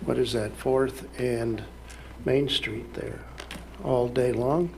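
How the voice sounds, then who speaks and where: A man's voice: medium pitch, steady tone, slow, gravelly, slight background noise. A man speaking at a city council meeting in a folksy, rambling way, full of fillers and restarts.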